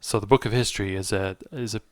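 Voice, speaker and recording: A man's voice: fairly low pitch, fairly even intonation, fast talker, dry recording. A man hosting a let's play, reading game text aloud and explaining with hesitant fillers as he searches for words.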